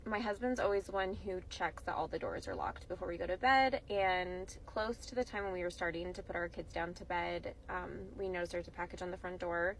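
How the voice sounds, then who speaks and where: A young woman and mother telling a story casually, calm and conversational, with soft fillers. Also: lowish voice, brisk, hardly any pauses, slight background noise, poor audio.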